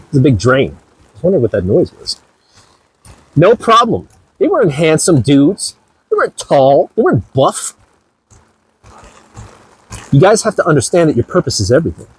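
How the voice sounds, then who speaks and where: A man's voice: on the high side, slightly rough, no echo, poor audio. A man giving an emphatic, lecturing monologue to his viewers, recorded outdoors by the beach. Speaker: vlogger giving dating advice. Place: outdoors by the beach in heavy rain.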